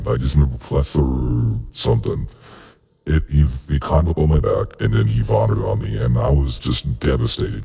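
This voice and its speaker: A man's voice: extremely low pitch, creaky, dark tone, slightly rough, full character voice. A man voicing a flustered young woman worker sprouting tentacles, rambling tearfully in a tabletop role-play.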